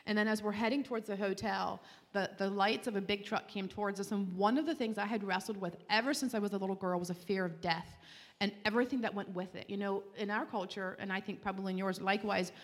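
A woman's voice: medium pitch, steady tone. Woman telling her testimony in a reverberant hall. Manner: earnest and heartfelt, with halting restarts. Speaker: speaker giving a Christian testimony. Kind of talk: personal testimony storytelling. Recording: long reverb, as in a large hall.

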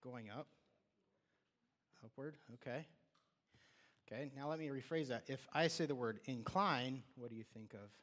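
A man's voice: mid-range voice, moderate pace, long pauses. A man preaching a sermon in a loose, conversational way, often restarting his sentences and acting out what people say. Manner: conversational, with restarts and acted-out quotes. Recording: long hall reverb.

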